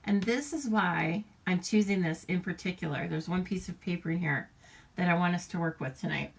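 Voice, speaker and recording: A friendly, talkative woman leads a live craft demonstration. Her voice sits on the low side for a woman, and she greets viewers by name and laughs easily as she explains. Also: normal speed, vocal fry, breathy edge. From United States. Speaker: papercraft demonstrator hosting a live stream.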